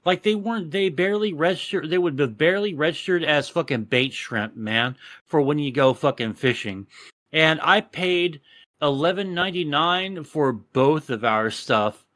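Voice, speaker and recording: A man from Texas with a drawl, swearing freely as he rants through a casual podcast story. His voice sits somewhat high, and the recording is close and dry. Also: normal speed, no echo. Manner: profane, animated ranting storyteller. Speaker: podcast co-host.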